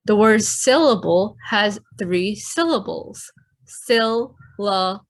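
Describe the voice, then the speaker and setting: Slow-speaking teacher woman addressing children. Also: mid-range voice. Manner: clear, explanatory, addresses children. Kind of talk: recorded classroom lesson.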